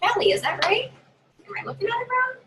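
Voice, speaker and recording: A woman giving chatty, animated tips as a direct sales consultant in a casual live video. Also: fast, background noise. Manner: chatty, animated, acts out customers in higher voices.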